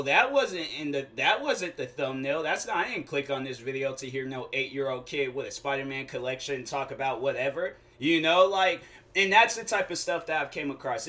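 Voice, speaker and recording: Young man, podcast host, casual rambling monologue, slangy, self-correcting, bright tone, fairly high voice.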